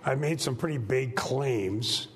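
A man, a pastor, leading an informal church class discussion into a microphone, talking in short, halting, unhurried phrases and never raising his voice. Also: mid-range voice, slight background noise. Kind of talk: informal church teaching talk.

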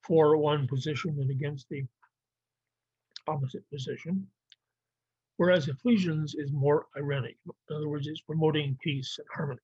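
A man's voice: fairly high pitch, darkish tone, husky, no room sound. A man teaching a Bible survey lesson, explaining plainly with some fillers and restarts. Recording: dry, muffled lo-fi recording.

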